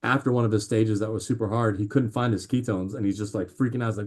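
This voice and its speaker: A man's voice: medium pitch, quick pace, few pauses. Chatty man, podcast guest. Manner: animated storyteller, many fillers and restarts. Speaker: podcast guest, drink company founder. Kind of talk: casual interview chat.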